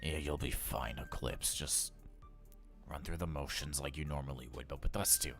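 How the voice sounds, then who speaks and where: A man voicing a stern, grumpy male robot alter ego who speaks low, hushed and curt. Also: steady tone, moderate pace, soft background music. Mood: reassuring.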